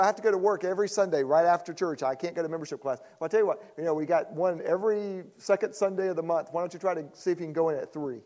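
This middle-aged pastor's voice sits on the high side with a darkish tone as he gives a conference teaching talk. His delivery is casual and conversational, teasing the crowd and acting out whoever he's quoting.

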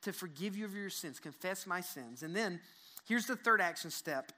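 A pastor preaches at a church service with a bright, forceful tone. The delivery is earnest and direct, with repeated words and restarts. Mid-sermon, the pastor leads the listeners through a prayer. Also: medium pitch, animated, moderate pace. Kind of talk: sermon to a live congregation.

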